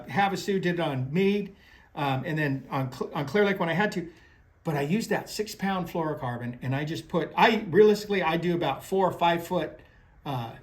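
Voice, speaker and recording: A man talking casually about fishing and telling stories as a former guide, rambling with restarts and folksy phrasing. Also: sits high. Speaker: fishing guide and tackle presenter. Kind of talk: casual talk on crappie fishing.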